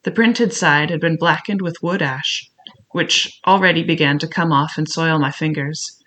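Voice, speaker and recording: A man narrating a classic adventure novel in a measured, reflective first-person telling. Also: a little high, pushed and bright. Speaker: audiobook narrator.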